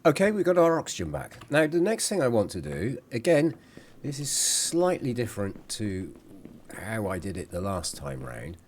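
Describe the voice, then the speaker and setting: A man's voice: on the low side, wildly swooping pitch, normal speed, slight background noise. A man giving chatty, casual commentary over his own gameplay, at times apologising and humming to himself.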